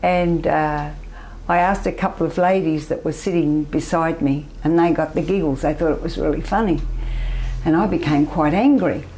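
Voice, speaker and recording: Older aussie woman, mellow dark voice, soft and trailing, faint hiss behind. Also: sits low, moderate pace, poor audio. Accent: Australian. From Australia. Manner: soft-spoken, trailing off into near-whispers. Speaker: interview guest. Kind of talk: reflective personal storytelling. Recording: faint background noise.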